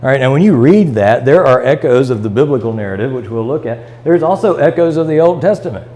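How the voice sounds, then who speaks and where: A man with a Midwestern American accent teaches a Bible study in a church classroom, reading scripture aloud and explaining it with fillers and restarts. His mid-range voice is warm and fast, with lively intonation. The audio quality is poor.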